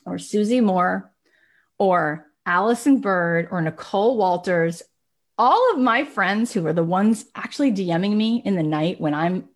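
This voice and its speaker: A middle-aged woman speaks as a podcast host, telling motivational stories from her own career. She tells them in an animated way, slipping into other people's voices for their lines. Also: medium pitch. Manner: animated storyteller, acts out quoted voices. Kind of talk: motivational talk.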